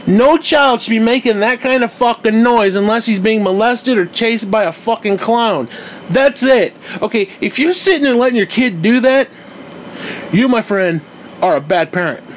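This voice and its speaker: A man's voice: extremely high pitch, lively intonation, moderate pace, a little hiss or hum. A young man hosting a podcast, ranting in a casual, profane, exasperated and rambling way. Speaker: podcast host.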